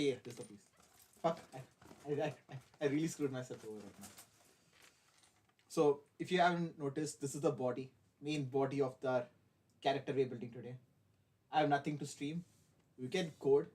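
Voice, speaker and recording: With a mid-range, darkish voice, a young man chats away on a casual live stream as he assembles a model kit. His manner is hyper and giggly, peppered with profanity and rambling, self-deprecating jokes.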